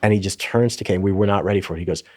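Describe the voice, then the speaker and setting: A man's voice: low-pitched, very fast. A middle-aged man, a TV writer guest on a podcast, telling a story in casual chat with many restarts and self-corrections. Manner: rambling storyteller with frequent restarts.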